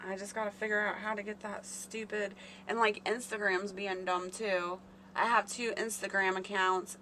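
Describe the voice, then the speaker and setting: A woman's voice: medium pitch, pushed and bright, a little hiss or hum. A woman hosting a casual live stream, rambling and chatting with her viewers by name. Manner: chatty, rambling, talks to chat readers by name.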